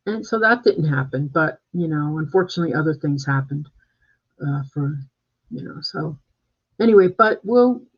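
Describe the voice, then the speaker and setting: A man's voice: high voice, bright, forceful tone. A man working as a real estate agent, chatting casually on a live stream from home and rambling with plenty of fillers and restarts. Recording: dull lo-fi live-stream audio.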